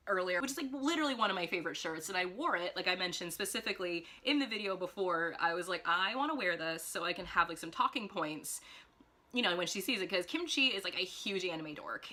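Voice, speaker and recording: A woman telling a rambling, casual storytime in a vlog, filling her talk with "like" and acting out quoted voices. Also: lowish voice. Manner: rambling, heavy use of "like", animated quoted voices. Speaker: vlogger. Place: indoors at home, ring light.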